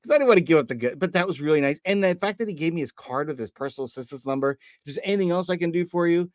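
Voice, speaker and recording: A man's voice: a little high, rapid-fire, dry recording. Dry, close-miked man telling a story. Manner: lively storyteller who acts out remembered dialogue. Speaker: podcast co-host. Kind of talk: casual podcast chat, telling a personal story.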